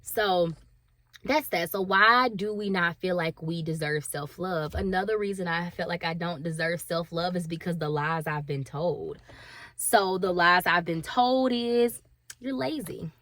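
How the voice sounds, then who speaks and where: Speaking in an unhurried, low-leaning voice with a slightly bright quality and no room sound, a thirtysomething stay-at-home mom confides in the camera. She gets emotional, laughs at herself, and voices her inner thoughts aloud.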